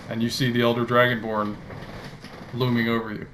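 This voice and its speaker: A man narrating a tabletop game as dungeon master, in a slow, dramatic storytelling manner, speaking into a headset. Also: medium pitch, flat delivery, noisy background.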